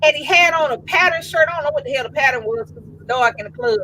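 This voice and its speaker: A woman in her fifties, co-hosting a casual chat and telling an animated comic story in slangy, laughing talk. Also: high voice, quick pace, slight background noise, rough recording. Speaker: co-host.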